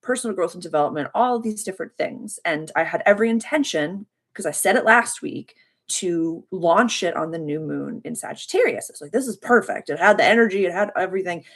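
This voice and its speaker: A woman chats casually on a livestream, her voice sitting a little low. She tells a long story in a heartfelt, rambling way, often stopping to thank her viewers. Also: expressive, fairly quick. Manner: addresses viewers by name and thanks them warmly. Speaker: spiritual coach hosting a live members' call.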